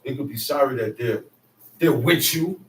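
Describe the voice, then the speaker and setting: A man preaching a sermon in a casual, conversational way, now and then rising to shouts for emphasis. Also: mid-range voice, normal speed, a little hiss or hum. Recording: roomy, mic at a distance.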